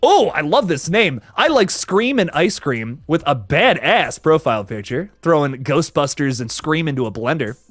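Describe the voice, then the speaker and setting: A man's voice: a little high, sing-song, normal speed, few pauses, no echo. A young man hosting a casual live stream, reading chat messages aloud in an upbeat, chatty way with laid-back slang. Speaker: livestream host reading chat.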